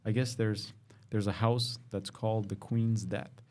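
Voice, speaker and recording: A man's voice: lowish voice, little pitch movement, measured pace, a little mellow. A man co-hosting a podcast, casually reading a news story aloud and often stumbling and correcting himself. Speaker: podcast co-host.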